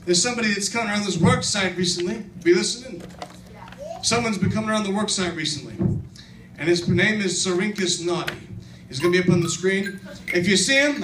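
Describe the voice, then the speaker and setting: A man playing a loud tough-guy foreman. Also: sits high, noisy background, lightly acted. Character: brash male construction foreman teaching kids. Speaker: kids' camp skit performer. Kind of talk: children's church skit. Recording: echoey hall, far from mic, audience.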